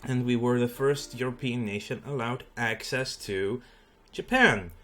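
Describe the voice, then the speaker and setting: A man's voice: mid-range voice, measured pace, a bit bright, soft background music. A Dutch man with a Dutch accent hosting a let's play, explaining the game in a casual way with frequent fillers. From Netherlands. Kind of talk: gameplay commentary.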